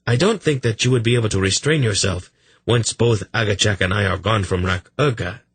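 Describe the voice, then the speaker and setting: A man's voice: on the low side, fairly quick, a bit bright, breathy edge, no echo, voice pushed up. A man doing a sly, jittery little king. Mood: haughty. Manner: hasty, placating, then stiffly assertive. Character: nervous, sly small male king with a rat-like face. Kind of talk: audiobook character voice.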